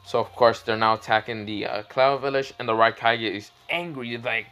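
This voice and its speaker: A man's voice: mid-range voice, fairly even intonation, a little fast, a bit bright, a little hiss or hum, low-quality recording. A man casually narrating a fan story, rambling and searching for words as he goes. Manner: rambling, fillers like "what's it called".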